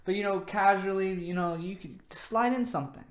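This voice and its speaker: A man's voice: sits high, moderate pace. A man hosting his own vlog, giving dating advice in a rambling, casual monologue, repeating words and saying "you know" often. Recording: echoey room.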